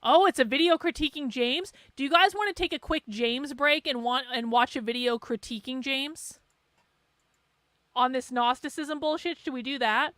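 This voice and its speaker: A sarcastic woman host talks loosely over a clip she is playing for her viewers. Her voice sits fairly high, and the sound is close and dry with no room around it. She jumps in, laughs and cuts other speakers off. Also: moderate pace, a bit bright, dry recording. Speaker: livestream host. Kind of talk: casual commentary while watching a video.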